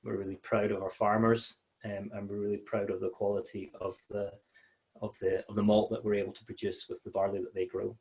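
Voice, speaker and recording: A man's voice: lowish voice, level tone, fairly quick, a little mellow. A man giving a casual webinar presentation over a video call, friendly and chatty with many fillers and restarts. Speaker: malt sales manager giving a webinar.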